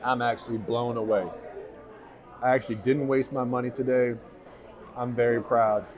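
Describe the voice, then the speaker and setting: Excited man raving over food, crowd behind. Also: medium pitch, moderate pace, muffled recording. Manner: enthusiastic, raving about each bite. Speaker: food vlogger. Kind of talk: casual food review to camera. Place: restaurant. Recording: busy restaurant crowd behind. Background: restaurant crowd chatter.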